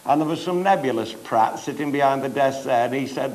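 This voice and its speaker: Here an older man with a Cheshire accent, an after-dinner comedian, delivers bawdy stories on stage while chuckling through them. His voice sits mid-range with a darkish tone and moves a little fast, and the noisy live recording includes audience laughter.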